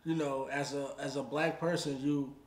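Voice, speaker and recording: A man's voice: mid-range voice, fairly even intonation, normal speed. A man co-hosting a casual reaction chat, easygoing and thinking aloud as he talks. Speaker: reaction show co-host. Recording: roomy echo.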